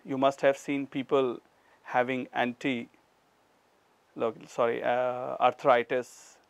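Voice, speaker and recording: A middle-aged man with an Indian accent, teaching a yoga class and calmly cueing each breath and movement step by step. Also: medium pitch, slow, vocal fry, clean tone, no room sound. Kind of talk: guided yoga class instruction.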